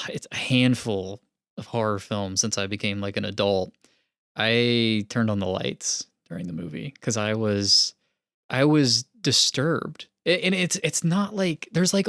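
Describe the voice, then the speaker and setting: A man's voice: mid-range voice, no echo, clean studio sound. A man co-hosting a casual film podcast, talking animatedly with frequent laughs and lots of filler words. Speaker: podcast co-host.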